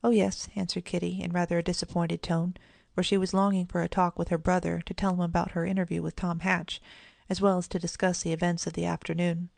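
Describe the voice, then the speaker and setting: Gravelly low woman reading a story. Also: little pitch movement, fast talker, darkish tone, no room sound. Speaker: audiobook narrator. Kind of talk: scripted storybook narration.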